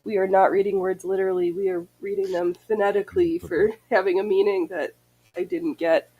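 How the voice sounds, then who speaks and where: A woman hosting a casual chat while she sews, chatty and playful and quick to laugh. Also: mid-range voice, creaky, breathy edge, phone-quality sound. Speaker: podcast host.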